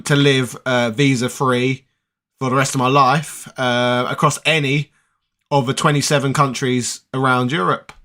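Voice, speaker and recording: A man's voice: mid-range voice, pushed and bright. A man hosting a gaming channel, chatting casually and rambling as he answers viewer comments. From United Kingdom. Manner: chatty, rambling, with many fillers.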